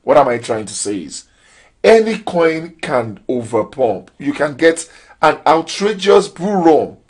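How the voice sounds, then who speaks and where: A crypto trading trainer gives a motivational lesson, preachy and packed with rhetorical questions that rise in emphasis. His voice is on the high side, very animated, a little mellow and husky, at a measured pace.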